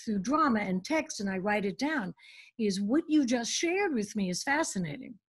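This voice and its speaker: An older woman as an interview guest, chatting in a theatrical, lively way and jumping from thought to thought over a video call. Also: medium pitch, normal speed, husky. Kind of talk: casual interview chat.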